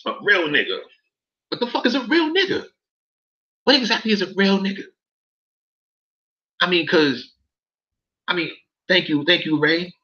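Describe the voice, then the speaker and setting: A man rants on a livestream, with a lively voice that swings all over. His tone is bright and forceful, and he keeps repeating phrases and swearing. The stream audio sounds dull and lo-fi. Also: high-pitched, normal speed, long pauses. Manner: heated, profane, repeats phrases, talks to chat. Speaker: livestream commentator. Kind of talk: casual livestream rant.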